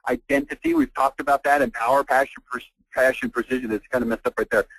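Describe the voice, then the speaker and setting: A man giving a fired-up, blunt sales pitch as host of a marketing webinar on an online call. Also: huge pitch swings, quick pace, vocal fry, fairly bright tone, slightly rough, no echo, poor audio. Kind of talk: persuasive sales presentation.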